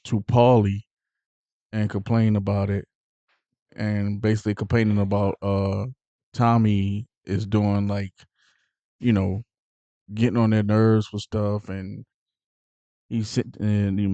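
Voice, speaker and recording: Man animatedly retelling a movie, mellow. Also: fairly low pitch, measured pace, pauses often, no room sound, highs cut off. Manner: animated retelling with acted-out quotes; loose, rambling with fillers. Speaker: movie reviewer. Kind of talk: casual movie recap.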